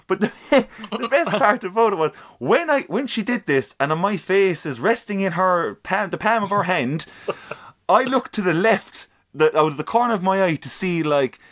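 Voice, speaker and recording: A man co-hosting a casual podcast, telling a story in an animated way and swearing freely. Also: high-pitched, normal speed. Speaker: podcast co-host.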